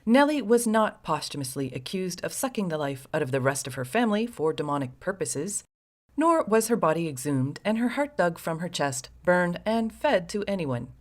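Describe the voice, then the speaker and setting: A woman's voice: fairly low pitch, sing-song, normal speed. A woman host narrating a scripted story with sardonic, wry asides to the listener.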